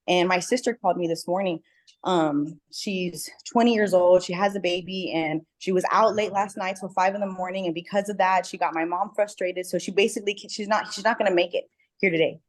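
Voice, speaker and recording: An earnest woman speaks on a group video call, leaning hard on her words and repeating them for emphasis. Her voice sits a little low for a woman. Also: fairly even intonation, brisk. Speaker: book club member about to host an event. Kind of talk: casual call sharing.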